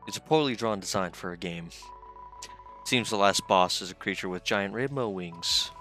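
A young man with a fairly low voice hosts a casual let's-play. He jokes loosely with his viewers and reads the on-screen game text aloud as he goes. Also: moderate pace, bright, forceful tone, soft background music. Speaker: gaming channel host.

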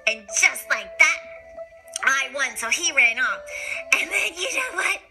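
A woman tells a children's bedtime story with a high, very bright voice. She reads playfully, full of animated sound effects, with soft music underneath. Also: unhurried, poor audio. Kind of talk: expressive children's story reading.

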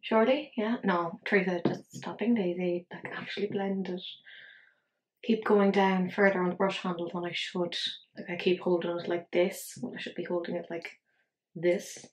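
A woman's voice: fairly low pitch, little pitch movement, normal speed, low-quality recording. A woman in her thirties chatting casually through a makeup tutorial. She swears freely and talks to herself as she works. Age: 30s. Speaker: beauty vlogger.

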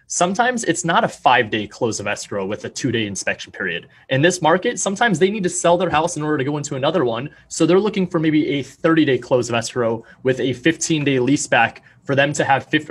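Fast-talking confident young salesman. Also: medium pitch, breathy edge. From Arizona, USA. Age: young adult. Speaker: real estate agent, guest. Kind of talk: podcast interview.

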